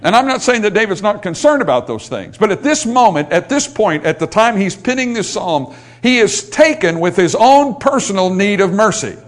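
Male pastor, sermon, high-pitched voice, impassioned preaching. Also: sing-song, normal speed. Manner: preaching with rising intensity, quoting scripture in a pleading voice.

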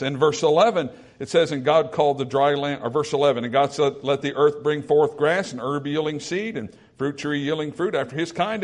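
A male pastor preaching a sermon, swinging from forceful emphasis to hushed, quiet lines. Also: fairly high pitch, fairly quick, hardly any pauses.

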